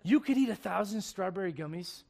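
High-voiced lively male preacher. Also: a little fast, vocal fry. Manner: animated, humorous, swings from soft asides to shouting. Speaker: pastor. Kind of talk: sermon. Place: church.

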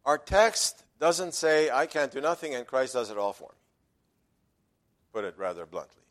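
A man preaching a sermon as pastor, emphatic, dropping to quiet asides and rising loudly on quoted verses. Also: medium pitch, sing-song, moderate pace.

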